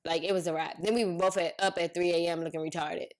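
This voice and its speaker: A young woman co-hosting a casual podcast, telling slangy, animated stories about her day. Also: on the low side, quick pace. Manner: chatty storytelling, slangy, animated quoting. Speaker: podcast co-host. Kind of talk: casual chat.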